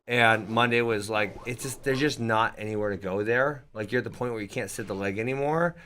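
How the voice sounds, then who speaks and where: A man co-hosting a studio show, chatting casually and telling rambling, animated stories. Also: fairly low pitch, brisk, slight background noise. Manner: rambling, animated storytelling with restarts. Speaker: podcast co-host. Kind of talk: casual studio chat about wrestling.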